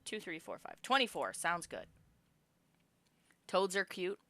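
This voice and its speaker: A woman's voice: lowish voice, very animated, unhurried, bright, forceful tone, slight background noise. A woman streamer reading game text aloud and chatting casually with her viewers. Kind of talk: game narration and casual live chat.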